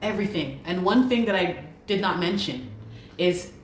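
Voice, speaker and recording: A woman's voice: on the low side, expressive, normal speed. A woman giving an earnest, urgent personal account and often repeating her pleas. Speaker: guest telling her story. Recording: roomy recording with faint background noise.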